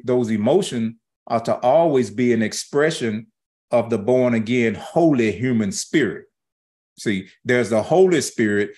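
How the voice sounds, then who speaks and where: Animated folksy preacher man. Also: mid-range voice. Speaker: pastor. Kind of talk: sermon.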